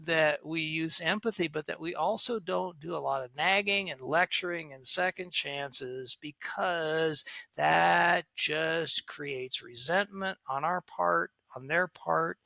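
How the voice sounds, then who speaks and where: A man being interviewed on a podcast as a parenting expert, telling stories with animated energy, acting out quoted voices and laughing often. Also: on the high side, vocal fry, dry recording.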